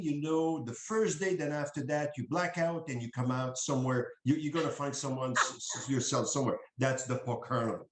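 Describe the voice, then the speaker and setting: Exuberant man, echoey room. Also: fairly high pitch. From Canada. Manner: exuberant, restarts and stumbles. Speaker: wine importer guest. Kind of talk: animated conversational storytelling.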